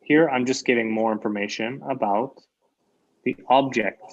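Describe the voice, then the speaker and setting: A man's voice: mid-range voice, normal speed. A man teaching an English grammar lesson online. He explains with examples, repeats key phrases and keeps checking with "right?". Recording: lo-fi dull sound.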